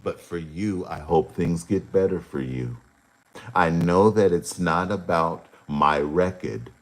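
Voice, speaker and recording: A man hosting his own livestream, rambling to his chat in a slow, drawn-out way with sudden animated jumps. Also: low-pitched. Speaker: rapper hosting a livestream show.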